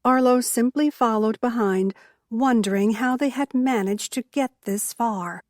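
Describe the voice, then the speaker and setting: A woman narrates a small-town mystery in a measured, even storytelling voice. Her pace is slow, and the recording is dry and close. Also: on the high side, no room sound. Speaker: audiobook narrator. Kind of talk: scripted narration.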